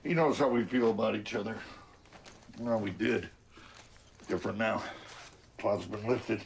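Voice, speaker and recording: An actor playing a gruff, blunt, middle-aged working-class father in a film drama. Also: lowish voice, measured pace, a little hiss or hum. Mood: bickering.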